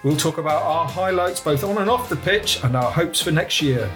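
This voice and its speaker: A man's voice: a little high, lively intonation, moderate pace, a bit bright, soft background music. Man hosting a podcast. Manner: friendly, laughing banter. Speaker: podcast host. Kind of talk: casual chat.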